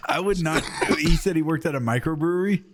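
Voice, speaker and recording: A man's voice: fairly high pitch, fast talker, a little hiss or hum. A man, a podcast co-host, chiming in with jokes and questions during casual banter. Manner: joking interjections.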